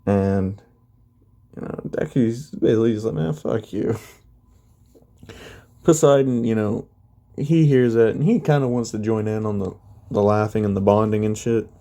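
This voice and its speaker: A man's voice: lowish voice, normal speed, pauses often, mellow. A man casually telling a fan story, laid-back, swearing freely and leaning heavily on fillers.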